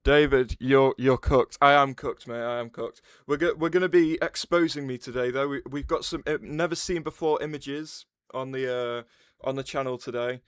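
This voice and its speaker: A man streaming live and chatting loosely with his viewers, often breaking off mid-sentence to start over. His voice is smooth and clean, and it is recorded dry and close with no room sound. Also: mid-range voice, fairly even intonation, moderate pace, hardly any pauses, no echo. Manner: rambling, restarts sentences, answers chat aloud. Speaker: livestreamer. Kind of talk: casual livestream chat.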